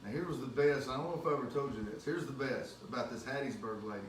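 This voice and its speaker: A man's voice: medium pitch, fast. Male host and singer, rambling chatty storyteller, roomy distant sound with background noise. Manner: rambling, self-correcting, chatty. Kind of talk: casual storytelling on a talk show. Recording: echoey room, mic far off, noisy background.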